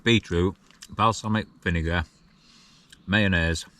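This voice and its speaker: Tucked in a small tent while wild camping, a Yorkshireman chats casually to his vlog camera, poking fun at himself and frequently chuckling. He speaks slowly and steadily in a low-pitched voice with a fairly bright tone.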